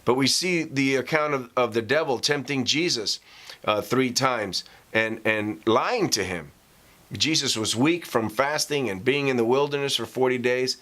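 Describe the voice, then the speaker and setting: Guy pastor doing a chill vlog sermon, middle-pitched voice, talks easy, slows way down on the bible verses. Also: bright, forceful tone. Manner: conversational, fillers, slow emphatic scripture reading.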